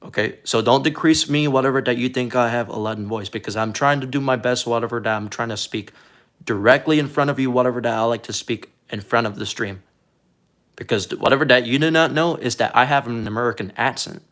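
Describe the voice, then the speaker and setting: A man from Puerto Rico talking casually on a live stream, rambling and halting, often repeating words as he restarts sentences. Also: medium pitch, a bit bright. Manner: defensive, earnest.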